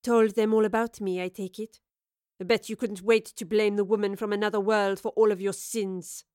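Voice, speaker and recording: A woman's voice: mid-range voice, fairly even intonation, normal speed, clean tone, no echo, studio quality, lightly acted. A woman voicing a sneering, mocking woman from another world. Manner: mocking, cold.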